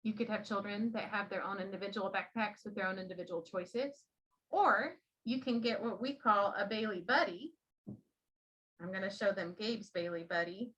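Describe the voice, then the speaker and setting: A woman who trains teachers, giving a classroom demonstration and gently coaching a child as she explains. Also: medium pitch, moderate pace, dull audio.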